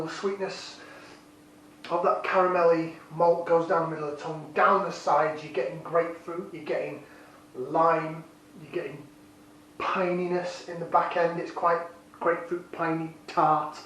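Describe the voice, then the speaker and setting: A man casually reviewing a beer, enthusiastic and rambling, deliberately keeping his voice down, recorded on a camera's built-in microphone. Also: fairly high pitch, level tone, fairly bright tone. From United Kingdom. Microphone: built-in camera mic. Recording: very echoey room, distant mic, faint noise.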